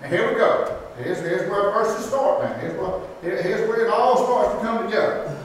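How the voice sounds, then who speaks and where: A man's voice: high voice, moderate pace. A man, preaching a folksy, plain-spoken sermon and asking the congregation rhetorical questions. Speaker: pastor. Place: church sanctuary. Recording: echoey hall from far off, faint noise.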